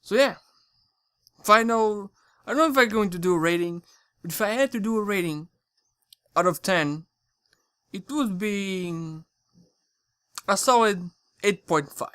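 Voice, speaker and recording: A channel host giving a casual spoken review, rambling and excitable, often stumbling and correcting their words. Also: medium pitch, unhurried, pauses often, clear, resonant tone, no room sound.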